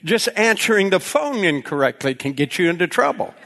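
A man preaching, telling a folksy personal story with frequent laughter and animated retelling. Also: sits high, a little fast, gravelly. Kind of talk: storytelling sermon.

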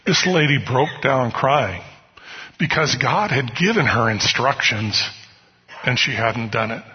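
A man's voice: mid-range voice, expressive, a little slow, a little hiss or hum. A man preaching a sermon, telling personal stories in a conversational way. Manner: storytelling, conversational, often asks "you know what?". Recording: muffled hall recording with long reverb.

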